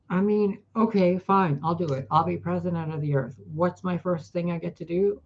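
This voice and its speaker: Husky, ranting woman vlogger. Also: on the low side, normal speed, few pauses, darkish tone, highs cut off. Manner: profane, exasperated, ranting. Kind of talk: casual vlog rant. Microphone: phone mic.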